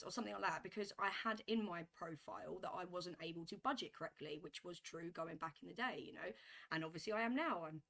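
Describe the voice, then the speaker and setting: A woman telling a story to camera in a vlog, animated and emphatic, repeating herself as she builds a point. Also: fairly low pitch, fast talker, gravelly. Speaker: vlogger.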